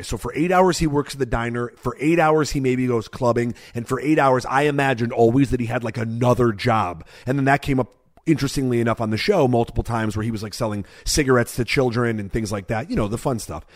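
A man in his forties, a podcast co-host and comedian, telling long anecdotes in casual chat, full of fillers and restarts. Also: mid-range voice. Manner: rambling storyteller, lots of fillers and restarts.

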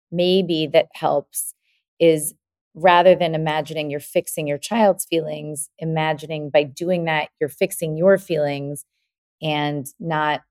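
A woman hosting a parenting podcast, agreeing with her guest and thinking out loud in a reflective way. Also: low voice, no echo, studio quality. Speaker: podcast host. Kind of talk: podcast interview.

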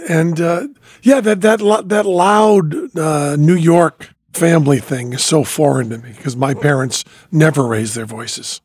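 A middle-aged man hosting a podcast, speaking in a halting, mild way with dry quips. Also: a little high, a little mellow, slightly rough, dry recording. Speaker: podcast host. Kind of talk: casual interview chat.

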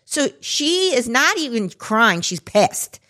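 A woman in her forties tells a story on a podcast, and her pitch swoops widely as she acts out every quote. She talks in an easy, conversational way. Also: takes it slowly. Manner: animated, acts out quotes with big pitch jumps. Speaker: podcast co-host. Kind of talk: casual storytelling chat.

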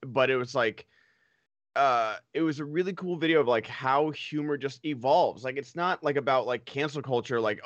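A man's voice: mid-range voice, normal speed, no echo, dull audio. A man hosting a casual talk show, rambling and filling his speech with "like". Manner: rambling, heavy on "like". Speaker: podcast host. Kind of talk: casual chat.

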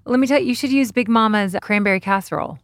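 A woman's voice: a little high, fast, no echo, studio quality. A woman in her forties co-hosting a podcast, chatting enthusiastically and swearing casually. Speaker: podcast co-host. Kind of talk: casual chat.

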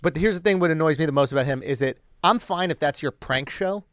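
A comedian guest on a podcast, ranting emphatically and profanely in casual chat. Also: male voice, fairly high pitch, fast talker, fairly bright tone, dry recording, clean studio sound.

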